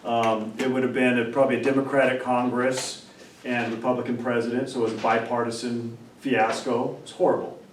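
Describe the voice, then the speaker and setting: A man's voice: medium pitch, level tone, fairly quick. Guy professor ranting and telling a story, keeps restarting words, echoey room, kinda far from the mic. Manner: emphatic, repeats and restarts words when heated. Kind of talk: animated casual discussion and storytelling. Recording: roomy, distant mic, faint background noise.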